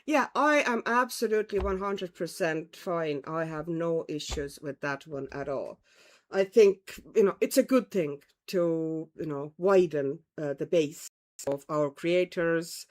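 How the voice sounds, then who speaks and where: This Estonian woman has a deep voice and talks a little slowly, her vaguely European accent carrying a faint Irish lilt. Streaming from home, she keeps things casual, chatting with the audience, saying hello to viewers, and laughing frequently.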